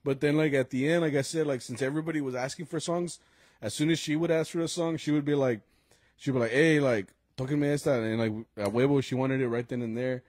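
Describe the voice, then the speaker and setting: A young mariachi musician co-hosting a podcast shares gig stories at a live taping, loose and laughing, heavy on fillers and slipping into Spanish slang. His mid-range voice is fast, fairly even in intonation and a bit mellow, recorded studio-clean with no room sound.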